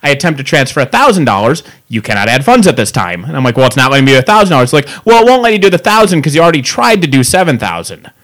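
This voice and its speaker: A man's voice: a little high, fast. A man telling a long angry story in casual chat, ranting and swearing freely. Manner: ranting, profane, animated. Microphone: pop filter.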